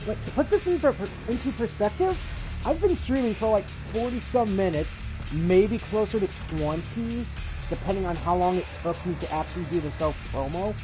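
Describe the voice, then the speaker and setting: A streamer giving live let's-play commentary, playful and profane, breaking into loud outbursts while reading game text and reacting to the action. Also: medium pitch, expressive, normal speed. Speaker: streamer playing a video game. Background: game music and sound effects.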